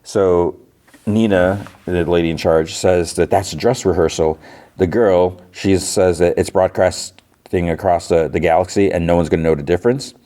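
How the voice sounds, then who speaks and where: A deep-voiced man with a dark tone hosts a podcast, speaking at normal speed with fairly even intonation. He casually recaps a TV episode in a loose, rambling way, packing it with fillers like "like" and "you know."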